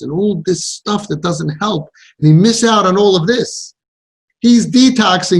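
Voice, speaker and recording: A man's voice: high-pitched, a little slow, creaky, slightly rough. A man coaching parents in an impassioned counseling talk, stressing points by repeating them and mixing in Yiddish and Hebrew words. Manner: emphatic, repeats phrases for stress.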